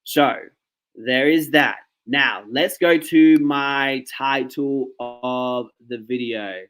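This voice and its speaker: A man's voice: medium pitch, takes it slowly, fairly bright tone, smooth. Ranting man vlogging. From Australia. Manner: ranting, talks straight to viewers with frequent "okay" and "like". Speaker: commentary vlogger. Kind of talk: casual reaction commentary.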